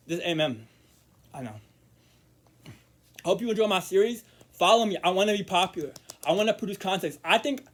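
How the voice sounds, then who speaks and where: High-voiced rambling young man. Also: animated, moderate pace, long pauses. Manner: rambling, repeats words, restarts often. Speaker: vlogger. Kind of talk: casual monologue to camera.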